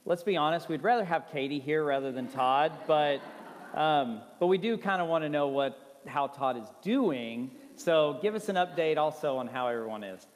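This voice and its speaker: A man interviewing a guest onstage at church, relaxed and joking. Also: a little high, moderate pace, a little hiss or hum. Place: church worship center. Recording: echoey church hall.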